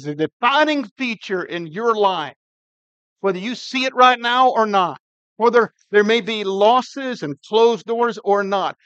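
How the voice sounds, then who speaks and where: An older man preaching a sermon with emphatic, dynamic delivery, his loudness swinging widely. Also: sits high, no room sound. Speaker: pastor.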